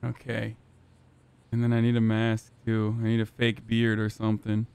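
A man streaming a game live, profane and excitable, talking to his chat and to other players. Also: lowish voice, moderate pace, clean tone.

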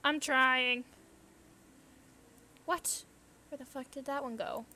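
A woman's voice: sits high, fairly even intonation, slow pace, pushed and bright, slight background noise. A young woman thinking aloud as she plays a puzzle game, chatty, gasping and squealing at what happens on screen. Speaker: gamer. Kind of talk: casual let's play commentary.

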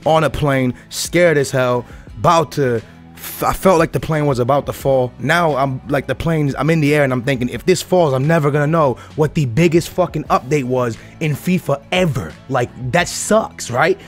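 Hyped high-voiced man vlogging. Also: moderate pace, faint music behind. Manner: hyped, slangy, profane, animated storytelling. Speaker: gaming YouTuber host. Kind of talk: excited casual vlog chat. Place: at his home.

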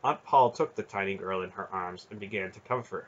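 A man narrating a fantasy novel chapter aloud in a measured storytelling manner. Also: low voice, steady tone, a bit bright, dull audio. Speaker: audiobook reader. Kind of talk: scripted narration.

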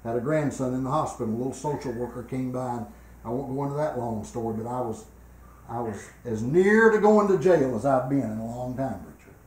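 An older man preaching a revival sermon in a church, swinging between loud, emphatic exhortation and quiet personal storytelling. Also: medium pitch, brisk. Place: church sanctuary. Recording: echoey church room.

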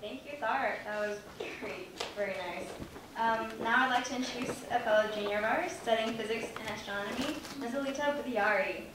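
A woman's voice: a little high, brisk. A young woman emceeing a student event, politely introducing speakers in short remarks. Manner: brief, polite. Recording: very echoey hall, distant mic, noisy.

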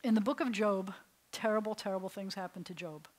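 A middle-aged woman rabbi leads a beginners' class in a synagogue classroom. Her voice sits at an ordinary middle pitch, and she tells stories at an easy teaching pace. She often turns to the room with questions. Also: fairly quick, low-quality recording. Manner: storytelling, asks the class questions. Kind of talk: classroom lecture to adult learners.

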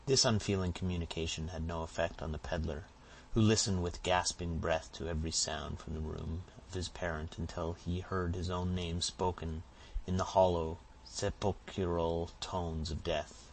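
A man reads a classic novel aloud in a very low, deep voice. He narrates steadily and lifts his voice sharply for the characters' cries. A faint hiss of noise sits under the recording. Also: level tone, normal speed, poor audio. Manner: dramatic reading, raising voice for shouted lines. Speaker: audiobook narrator. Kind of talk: scripted narration.

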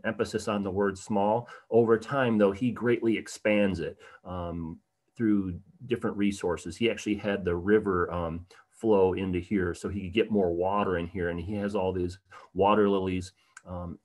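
In a low, slightly mellow voice, a man runs an art history livestream slideshow lecture, chatting casually with plenty of ums and uhs and responding to viewers' chat questions.

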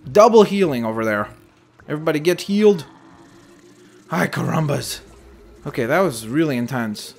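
A young man giving casual running commentary over a shooter game, animated and quick to exclaim when things go wrong. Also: on the high side. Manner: animated, exclaims at setbacks, jokey asides. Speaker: gameplay commentator. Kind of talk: gameplay commentary.

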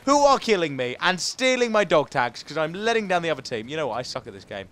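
Animated gamer, higher voice. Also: male voice, fast, few pauses. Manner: swings between frustrated outbursts and muttered asides. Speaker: gaming video host. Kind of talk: live gameplay commentary.

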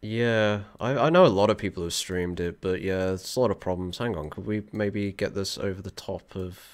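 A man's voice: low-pitched, steady tone, moderate pace. A man hosting a game stream, chatting casually and grumbling wryly about loading problems. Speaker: streamer host. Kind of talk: casual gaming stream chat.

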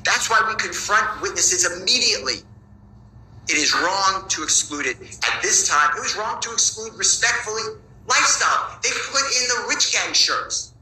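A man's voice: sits high, animated, moderate pace, sharp tone, reverberant, poor audio. A man arguing as a defense attorney before a judge. He is insistent and pleading, and he keeps repeating his points. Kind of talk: courtroom argument to a judge. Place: courtroom.

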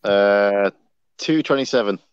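Low-voiced man hosting a livestream. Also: slow pace, clean tone, no room sound. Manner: relaxed, brief interjections and read-outs. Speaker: livestream host reading donations. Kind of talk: casual livestream chat. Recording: dull, dry lo-fi stream audio.

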